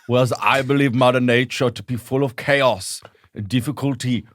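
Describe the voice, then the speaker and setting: A man doing an impression of an older filmmaker, speaking slowly and gravely. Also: mid-range voice, fairly even intonation, natural voice. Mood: solemn.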